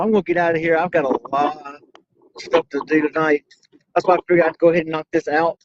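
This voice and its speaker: A man from South Georgia with a Southern accent, chatting casually to viewers on his trucker live stream, folksy and quick to laugh. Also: on the high side, dry recording, muffled recording. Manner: folksy, says y'all a lot, laughs easily. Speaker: trucker livestream host.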